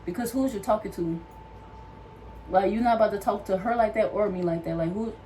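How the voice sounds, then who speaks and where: A young woman vlogger, fixing her hair, tells a story from work with lots of energy, playing the other people in it. Her voice sits mid-range and moves briskly, with a faint hiss or hum in the background.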